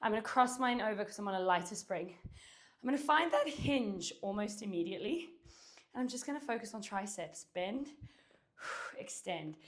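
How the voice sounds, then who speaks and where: A woman teaching a Pilates and dumbbell workout at home, out of breath, cueing and counting reps while she exercises, recorded by a camera at a distance. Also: medium pitch. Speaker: Pilates instructor. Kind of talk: workout instruction. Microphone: far camera.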